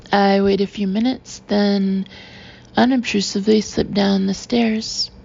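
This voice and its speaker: Woman audiobook narrator, first person, wry, gravelly, lo-fi. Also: mid-range voice, fairly even intonation, slow pace, mellow.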